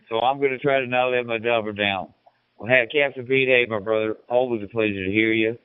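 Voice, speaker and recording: A man's voice: medium pitch, steady tone, brisk, clear, resonant tone, no echo. A middle-aged man from Illinois, an amateur radio operator chatting casually in a folksy, rambling way, repeating his words. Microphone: radio transceiver mic. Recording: narrow, dry radio transmission.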